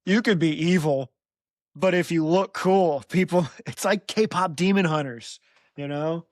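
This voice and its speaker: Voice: medium pitch, unhurried, darkish tone, no echo, studio quality. A podcast host retelling a book in casual chat, teasing the guest and laughing often.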